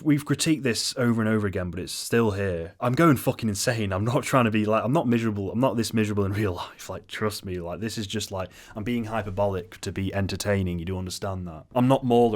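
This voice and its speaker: A young man holds forth in a ranting video essay, swearing freely and blowing every complaint up on purpose, then mocking himself for it. His voice sits a little low. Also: fast, hardly any pauses. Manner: sweary, hyperbolic, self-mocking rant.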